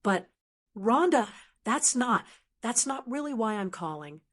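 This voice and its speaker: A woman voicing an exhausted middle-aged male realtor leaving a weary, halting voicemail in a storybook reading. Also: a little high, big pitch swings, a bit bright, exaggerated voice.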